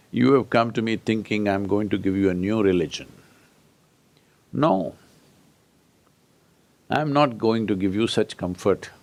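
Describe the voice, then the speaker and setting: A man giving a public talk as a spiritual teacher, emphatic and challenging, keeps prodding his listeners with questions. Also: lowish voice.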